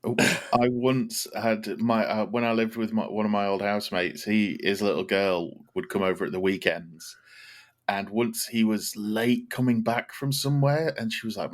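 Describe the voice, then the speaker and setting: A man's voice: on the low side, fairly even intonation, normal speed. A man on a podcast as a guest, telling an easygoing personal anecdote. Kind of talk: casual podcast chat.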